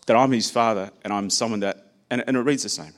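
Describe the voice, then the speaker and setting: A man preaches a sermon in a low-pitched voice. His delivery is conversational and personal, and he folds stories from his own family into the message. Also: quick pace.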